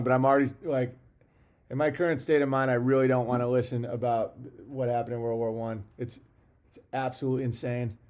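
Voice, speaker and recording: Rambling man chatting on a livestream. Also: mid-range voice. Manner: rambling, reads viewer comments aloud; blunt and profane. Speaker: livestream host. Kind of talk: casual livestream chat.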